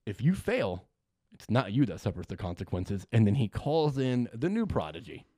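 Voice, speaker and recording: A man's voice: mid-range voice, normal speed, no echo. A man chatting casually on a podcast, retelling a movie scene by scene with lots of swearing and acted-out reactions. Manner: animated, swears a lot, acts out scenes. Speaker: podcast co-host. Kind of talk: casual movie recap chat.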